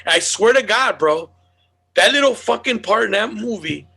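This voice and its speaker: Gravelly, high-pitched storytelling man. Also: moderate pace. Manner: animated storyteller, swears a lot. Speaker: podcast host. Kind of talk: casual chat.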